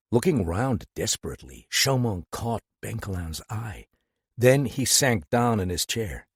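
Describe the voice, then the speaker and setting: Expressive male narrator for a mystery audiobook; husky, animated delivery. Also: lowish voice, no echo, clean studio sound. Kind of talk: scripted narration.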